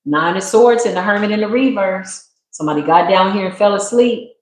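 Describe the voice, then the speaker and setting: A woman reads tarot live and talks in an emphatic, slangy, preacherly way. Her voice sits at a middle pitch. It rings through a very echoey room. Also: brisk. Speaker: tarot reader. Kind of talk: live spiritual tarot reading.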